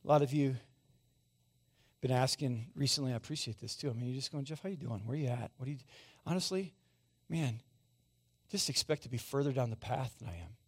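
A man's voice: medium pitch, a little fast, husky. A man in his forties preaching a sermon as pastor, conversational and often asking the congregation questions. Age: 40s. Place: church sanctuary.

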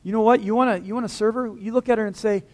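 Male pastor, sermon, high-pitched voice, lively and conversational, joking, switches voices for quoted dialogue. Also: rapid-fire. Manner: lively, conversational preaching with humor; acts out dialogue in different voices.

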